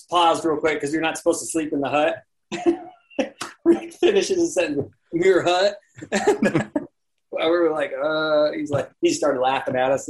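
A landscape photographer appears as a guest on a podcast, telling a backpacking story in a casual, animated way. He acts out other people's lines and laughs often. His voice is a little high, and the recording is rough.

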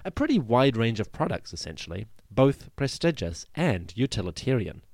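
A man hosting a history podcast, narrating from a script in a lively storytelling way with wry asides. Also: mid-range voice, moderate pace, dry recording, clean studio sound.

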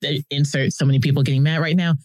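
A woman's voice: low-pitched, rapid-fire, no room sound. A woman from Texas, a guest on a podcast in casual chat, telling stories and acting out the voices in them. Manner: animated storyteller, acts out voices in anecdotes.

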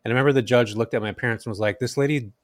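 A man in his thirties from Central Valley, California, a podcast guest telling his story in an animated way and acting out quoted lines. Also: lowish voice, rapid-fire, no room sound. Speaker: guest, real estate investor.

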